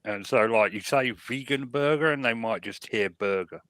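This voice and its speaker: An English man on a casual podcast, griping bluntly and wryly about everyday annoyances. His voice is bright and forceful, recorded close and dry with no room sound. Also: medium pitch, normal speed, no echo. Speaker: podcast co-host. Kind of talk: casual chat.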